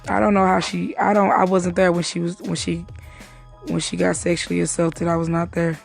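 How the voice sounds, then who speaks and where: A woman with a lowish, flat voice and vocal fry swears her way through a quick, casual story about a night out. She acts out others' words, and faint music sits behind her.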